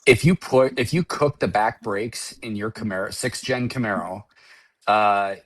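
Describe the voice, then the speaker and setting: Middle-aged man guest, low voice, rambling storyteller, casual chat. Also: measured pace, a bit bright. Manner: rambling, restarts often, storytelling. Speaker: guest driver. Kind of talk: casual conversation.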